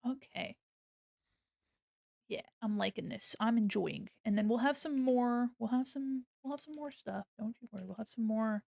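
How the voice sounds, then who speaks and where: A woman's voice: on the high side, moderate pace, vocal fry, darkish tone, no echo, clean studio sound. A woman streaming her drawing session, chatting casually and giggling while she explains each step. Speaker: art streamer. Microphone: desk microphone.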